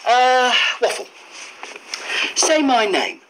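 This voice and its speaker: Grandfather, children's TV, lively swooping pitch, cheery, encouraging. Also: takes it slowly, background noise, full character voice. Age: older. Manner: bouncy, encouraging, sounds out letters. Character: cheerful grandfather teaching his dog letters. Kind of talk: children's TV acting.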